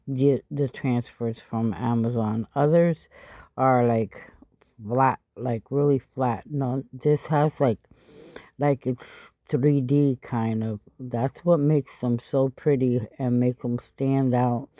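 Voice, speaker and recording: A woman hosting a casual craft tutorial, tired and a little stuffy, with a raspy, low voice as she explains each step. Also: mellow, no echo, studio quality. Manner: chatty, explaining step by step with frequent asides. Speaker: craft channel host.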